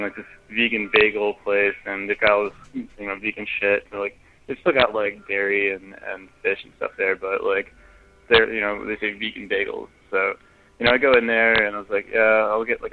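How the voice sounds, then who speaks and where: A man's voice: lowish voice, slight background noise. A man leaving a casual, profane voicemail rant, full of fillers and restarts, heard over a phone line. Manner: profane, hesitant with many fillers. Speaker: voicemail caller. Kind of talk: casual ranting phone message.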